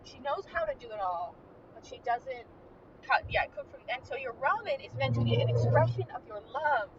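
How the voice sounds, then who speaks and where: High-pitched woman podcaster acting out movie lines, recorded in a car, muffled and far off. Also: moderate pace. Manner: animated storytelling, acting out characters' lines with laughs. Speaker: podcast host. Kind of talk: casual movie recap chat. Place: inside a moving car. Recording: distant muffled car recording, loud road noise.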